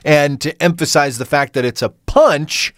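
A man's voice: on the high side, unhurried, fairly bright tone, no echo. Rambling, stammering podcast co-host man. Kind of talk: casual comedic banter.

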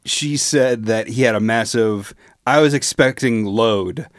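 A man co-hosting a comedy podcast, chiming in with quick jokey banter in casual chat. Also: mid-range voice, no room sound, studio quality. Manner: quick jokey interjections, laughs easily. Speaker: podcast co-host.

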